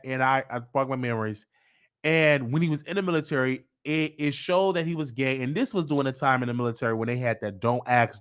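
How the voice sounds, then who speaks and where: A man's voice: mid-range voice, a bit bright. A man hosting his show, telling a long story in a rambling casual way, with many repeats and restarts. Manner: rambling, repeats himself, quotes people with changing voice. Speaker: host. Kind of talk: casual monologue.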